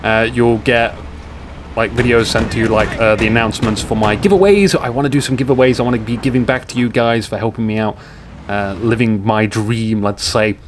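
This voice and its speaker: A man shoutcasting a strategy game, excitable and jokey, with rambling asides to his viewers. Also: lowish voice, fairly quick, slight background noise. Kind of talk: live game commentary.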